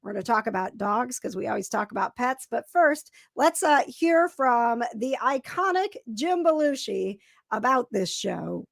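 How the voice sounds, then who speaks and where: A woman hosting a casual chat show, bubbly and excitable, talking quickly. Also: fairly high pitch, creaky, no echo. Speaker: podcast host.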